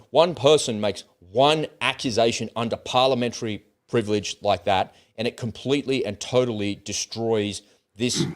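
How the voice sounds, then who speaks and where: A blunt Australian man hosting a political livestream, ranting in a casual way and swearing freely. His voice sits a little low. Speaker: political commentary livestream host.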